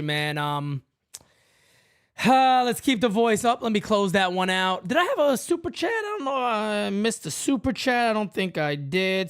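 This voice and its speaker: A man hosting a live fan stream, ranting excitably with swearing and casual banter. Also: sits high, smooth. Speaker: host. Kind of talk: live-stream sports talk.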